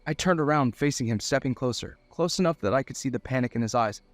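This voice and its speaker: A man's voice: mid-range voice, quick pace, no room sound. A young man reading a first-person romance story aloud in an earnest, emotional way. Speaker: narrator.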